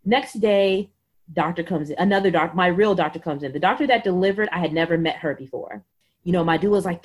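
Here a woman in her thirties, with a lowish voice and a brisk pace, spins a casual story from her own life on someone's podcast. She gets animated, voices the quotes of others, and says "like" over and over.

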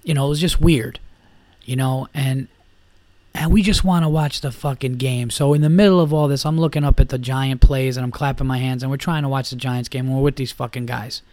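Recounting a night at a bar, this podcast host rambles profanely, stumbling through fillers and restarts. His medium-pitched, darkish voice keeps a fairly even intonation and runs a little fast, with no room sound.

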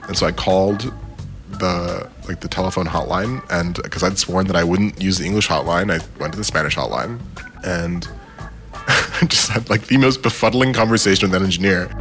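A man's voice: sits low, moderate pace, music in the background. A man telling a personal anecdote casually, rambling with many fillers and laughing at himself. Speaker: storyteller.

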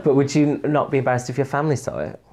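A man's voice: medium pitch, fairly even intonation, rapid-fire, a little mellow. A hungover man co-hosting a podcast in casual, self-mocking chat. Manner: chatty, self-mocking storyteller. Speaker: podcast co-host, journalist.

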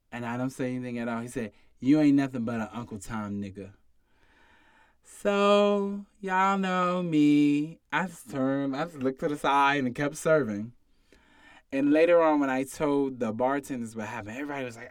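A man's voice: mid-range voice, moderate pace, no room sound, studio quality. A young man casually telling a story about his bartending job, acting out other people's lines. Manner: animated storytelling, acts out other people's quotes.

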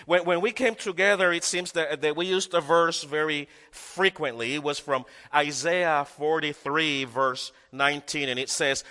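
A man's voice: on the high side, normal speed, few pauses, sharp tone, long reverb tail. A male pastor preaching a sermon, emphatic and repeating key phrases for effect.

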